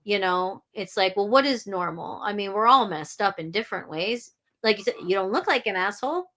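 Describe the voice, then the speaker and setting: She speaks briskly in a medium-pitched, expressive voice with a sharp edge. The woman, an audiobook narrator on a podcast as a guest, answers candidly, restarting often and swearing plainly.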